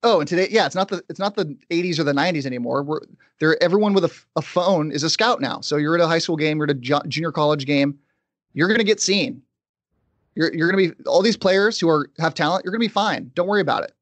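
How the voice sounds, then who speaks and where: A man hosting a sports podcast, talking in a brisk, opinionated and conversational way. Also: on the high side, no echo. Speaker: podcast host. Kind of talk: casual sports podcast chat.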